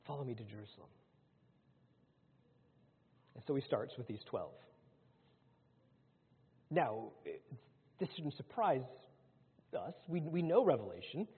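Guy preaching a sermon, lively pitch, goes big then quiet, sounds like a phone recording in a big hall. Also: normal speed, pauses often, slightly rough, phone-quality sound. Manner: dramatic swings from loud to hushed.

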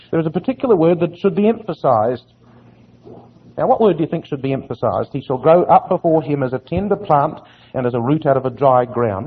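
A man's voice: fairly high pitch, breathy edge. A man preaching a sermon, expounding Bible verses earnestly and asking his listeners rhetorical questions. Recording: tinny phone-like audio.

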